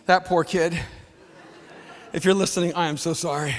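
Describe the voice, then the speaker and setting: A man in his fifties preaching a sermon as a pastor, telling a story with animated swings from hushed to shouting. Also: on the high side, normal speed, a faint crowd. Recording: long hall reverb.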